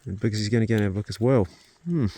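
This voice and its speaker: A laid-back male vlogger with a lowish, mellow voice talks very fast, chatting casually outdoors and in his truck. He keeps up a running commentary and talks to his dogs along the way. The audio has no echo.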